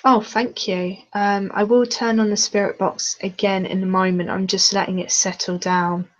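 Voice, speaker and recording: A woman hosting a casual chat over a video call, talkative and quick to giggle. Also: mid-range voice, flat delivery, muffled recording. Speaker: channel host.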